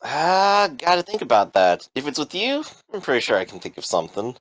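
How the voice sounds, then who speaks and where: A man's voice: medium pitch, very animated, fairly quick, fairly bright tone, no echo, rough recording. A man doing a nervous, cocky young thug.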